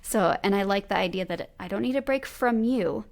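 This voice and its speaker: A woman in her thirties talks casually as a podcast host. Her voice carries a steady vocal fry at a middle pitch. She animatedly voices herself and her children as she tells stories. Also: fairly quick. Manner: animated, quotes her kids and herself aloud. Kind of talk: casual conversational interview.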